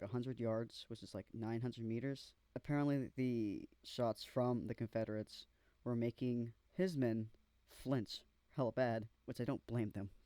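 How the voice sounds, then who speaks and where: A man's voice: medium pitch, darkish tone, clear, resonant tone, no room sound. Young man reading aloud, casual and slangy. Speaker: vlogger.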